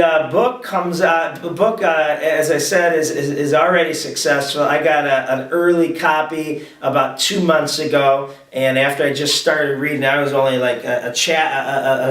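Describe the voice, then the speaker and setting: A man's voice: on the high side, a bit bright. Joking, enthusiastic male podcast host. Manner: enthusiastic and joking, with many halting restarts. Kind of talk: casual interview chat. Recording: roomy echo, distant mic.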